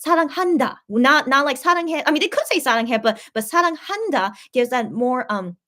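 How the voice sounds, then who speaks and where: A woman's voice: high voice, very animated, racing, sharp tone, a little hiss or hum. A woman in her thirties hosting a K-pop reaction video, explaining things to viewers in a chatty, rambling way with many restarts. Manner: explains Korean phrases to viewers. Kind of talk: casual reaction commentary.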